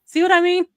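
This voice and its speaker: Her voice is extremely high-pitched, captured in studio quality with no room sound. A woman with a non-native English accent, she hosts a live stream, reads viewer comments aloud, and laughs a lot.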